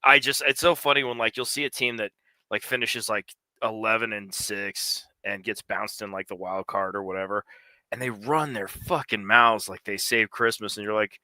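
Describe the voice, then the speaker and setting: Male co-host, sharp bright tone, sarcastic and profane, dry close recording. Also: on the low side, fairly even intonation, normal speed, no echo. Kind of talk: casual sports chat.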